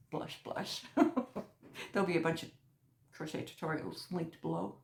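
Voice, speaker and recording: A woman hosting a crochet channel, chatting casually as she unboxes mail, gushing and excitable, often dropping to a soft near-whisper. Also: medium pitch, measured pace, vocal fry, pauses often. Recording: echoey room.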